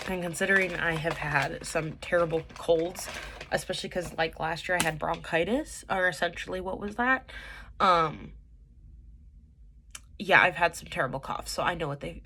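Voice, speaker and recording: A woman's voice: deep voice, bright, forceful tone, slightly rough. A young woman with a stuffy nose from a cold, rambling casually in a vlog with many fillers and restarts. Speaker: vlogger reviewing dramas.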